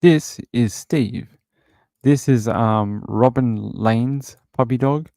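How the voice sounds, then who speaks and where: A man's voice: mid-range voice, slow pace, creaky, mellow, no room sound, studio quality. A man hosting a livestream, casually chatting and rambling with many filler words as he reads out viewer comments. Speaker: livestream host.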